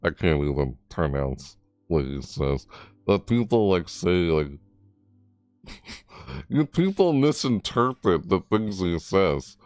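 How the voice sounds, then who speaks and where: Low-pitched man, gaming vlogger, rambling and easily amazed, lively swings, dry close sound. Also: slow, pauses often, no echo. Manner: voice jumps high in surprise. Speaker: gaming YouTuber. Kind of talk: casual game commentary.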